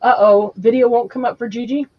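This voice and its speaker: A woman's voice: fairly high pitch, fairly even intonation, a little fast. Chatty woman host, lo-fi sound. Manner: chatty, talks while eating. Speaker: livestream craft host. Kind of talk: casual chat reading viewer comments. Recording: dull lo-fi stream audio.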